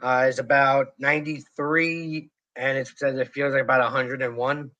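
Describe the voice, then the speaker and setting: A man's voice: mid-range voice, level tone, normal speed, bright, forceful tone, dull audio. A middle-aged man co-hosting a casual livestream, easygoing and reading out viewer comments. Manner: easygoing, chatty, reads viewer comments aloud. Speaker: livestream co-host.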